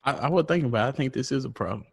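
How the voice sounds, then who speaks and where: A man's voice: mid-range voice, lively intonation, very fast, vocal fry, no room sound. A man hosting a podcast in casual chat, laughing often and putting questions to his co-hosts. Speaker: podcast host.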